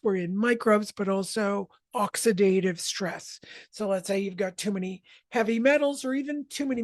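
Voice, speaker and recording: A woman leading a spoken energy healing session, explaining calmly and correcting herself as she goes. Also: medium pitch, no room sound, studio quality. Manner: explanatory, self-correcting, calm.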